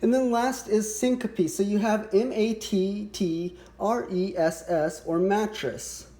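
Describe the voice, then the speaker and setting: Mellow-voiced man teaching a medical overview. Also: high-pitched, steady tone. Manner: measured, explanatory, occasional restarts. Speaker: medical educator.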